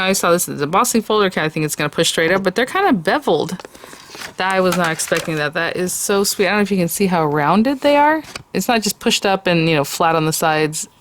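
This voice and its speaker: A woman hosting a casual crafting tutorial, chatting and thinking aloud while she works with her hands. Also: lowish voice.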